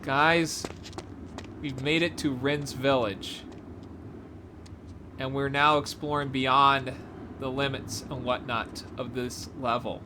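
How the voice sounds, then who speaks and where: A woman gives excited gameplay commentary, often gasping and exclaiming as she explores. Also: a bass voice, slow pace, long pauses, noisy background. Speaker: gameplay video creator.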